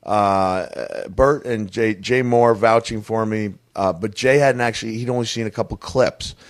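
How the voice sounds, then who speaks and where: A man's voice: lowish voice, a little slow, no room sound. A middle-aged man, a wrestler guest on a podcast, telling stories in casual chat and acting out the voices of the people in them. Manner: animated storyteller who acts out quoted voices. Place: hotel room.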